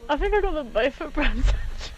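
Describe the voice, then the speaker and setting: A young woman in a casual stream chat, talking in a rambling, animated way and breaking into laughs. Her voice sits fairly high. A faint hiss of noise runs underneath. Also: normal speed, highs cut off. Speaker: stream co-host.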